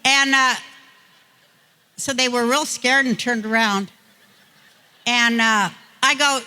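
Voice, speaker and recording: A woman's voice: fairly high pitch, steady tone, slow pace, long pauses, sharp tone, clean tone. An older woman, a guest on an interview show, telling a rambling, folksy, self-mocking story.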